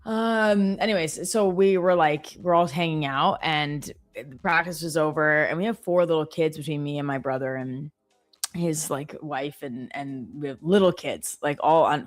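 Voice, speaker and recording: A woman in her thirties, from Canada, telling chatty stories with lots of fillers as co-host of a live trading stream. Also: deep voice. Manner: chatty storytelling with many fillers. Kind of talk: casual chat.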